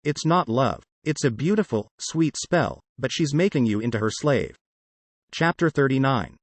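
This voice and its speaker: A man reading an audiobook in the first person, with expressive delivery. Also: medium pitch, no room sound. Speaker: audiobook narrator. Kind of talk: audiobook narration.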